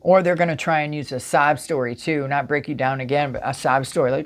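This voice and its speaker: A woman's voice: low-pitched, fairly even intonation, fairly quick, few pauses, a little hiss or hum. A woman giving a casual spiritual tarot reading straight to viewers, emphatic and repetitive. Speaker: tarot reader.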